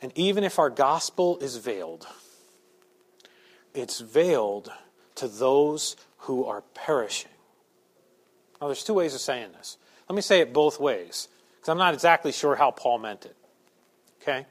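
A pastor preaching a sermon to his church, shifting from quiet asides to loud, emphatic points. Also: mid-range voice, animated, unhurried, long pauses. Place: church sanctuary.

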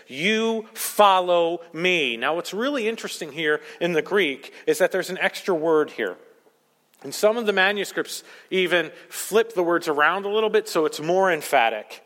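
A man preaching a sermon as pastor, emphatic, swinging between loud rising peaks and quiet low asides. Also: lively intonation, moderate pace. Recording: long hall reverb.

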